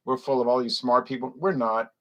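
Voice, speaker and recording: A man's voice: medium pitch, fairly even intonation, fairly quick, a bit bright. Blunt, rambling man with a Louisiana accent. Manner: opinionated, blunt, digressive. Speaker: beer reviewer. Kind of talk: casual rambling review.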